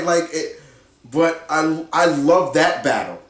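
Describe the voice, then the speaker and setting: A man giving a casual spoken film review, excitable and repetitive, acting out his own reactions. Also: on the high side, takes it slowly, echoey room, far from the mic. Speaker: movie reviewer.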